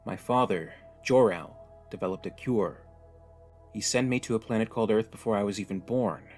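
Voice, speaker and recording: A man's voice: fairly low pitch, moderate pace, darkish tone, faint music behind, natural voice. A man voicing an earnest, hopeful male Kryptonian hero who speaks steadily and encouragingly. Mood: solemn.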